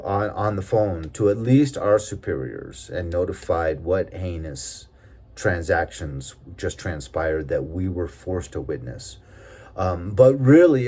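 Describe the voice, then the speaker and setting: A man's voice: on the low side, a little mellow. A man telling a personal story in a casual, rambling way, with growing indignation and plenty of fillers. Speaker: storyteller recounting a workplace experience.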